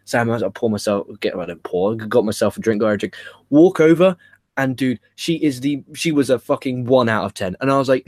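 A young man co-hosting a podcast, reviewing wrestling in a rambling, animated way and swearing freely. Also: medium pitch, brisk. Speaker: podcast co-host. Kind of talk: casual wrestling review chat.

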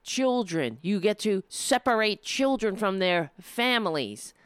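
A woman's voice: medium pitch, very animated, smooth, no room sound, studio quality. A woman giving an indignant opinion monologue, often stumbling and restarting as she builds her point. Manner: impassioned, indignant, with halting restarts.

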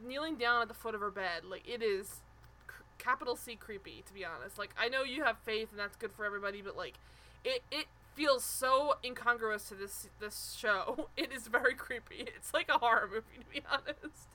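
A woman's voice: a little high, a little fast, bright, forceful tone, low-quality recording. A woman co-hosting a podcast, chatting casually and animatedly as she recaps a show, swearing and mimicking people. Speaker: podcast co-host.

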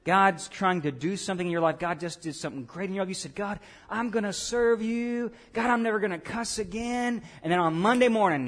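A pastor preaching a sermon in a conversational way, tossing questions and asides to the congregation. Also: male voice, a little high, fairly bright tone.

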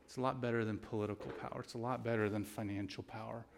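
A man's voice: on the low side, steady tone, fast talker, gravelly, few pauses, big-room sound, slight background noise. A man giving an earnest, conversational sermon with stories, ending in prayer. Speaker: guest preacher.

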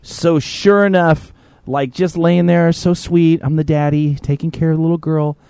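A man with a fairly high voice tells a story to his co-hosts in a loose, profane way. The mic picks him up dry and close, with no room around it. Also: steady tone, normal speed, dark tone, clean tone, dry recording. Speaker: podcast host. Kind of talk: casual storytelling chat.

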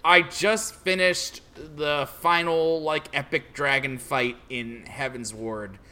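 A young man co-hosting a casual podcast chat, relaxed and wry with a teasing edge. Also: a little high, slow. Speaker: podcast co-host.

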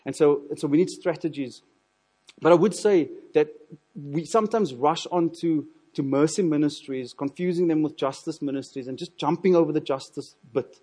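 Husky preacher, dark tone. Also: male voice, fairly high pitch, normal speed. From South Africa. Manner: earnest, repeats words when building a point. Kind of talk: sermon.

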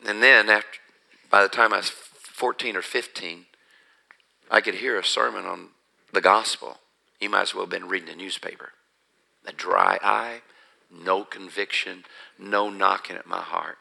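A man's voice: low-pitched, steady tone, moderate pace, gravelly, pauses often, sharp tone, poor audio. A man preacher telling his personal testimony as a sermon, earnest and building to emphasis. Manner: earnest storytelling, rising to emphatic.

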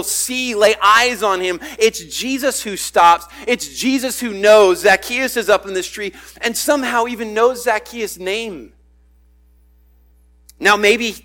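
Man, preacher, high-pitched voice, bright tone, conversational sermon. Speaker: pastor.

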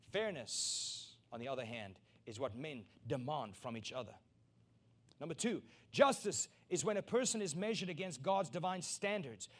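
A man preaching a sermon as pastor, emphatic and repeating key lines, building to loud peaks. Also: on the high side.

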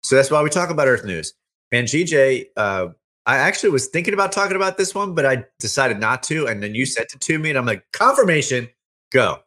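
A man's voice: medium pitch, big pitch swings, fast, pushed and bright. A man co-hosting a casual Christian end-times chat, rambling and restarting his sentences. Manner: rambling, with many restarts and fillers.

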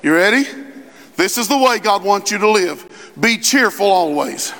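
A man preaching a sermon as pastor, in a conversational style with quick asides and rising emphasis. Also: high-pitched, lively intonation, bright, forceful tone. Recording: long reverb in a large hall.

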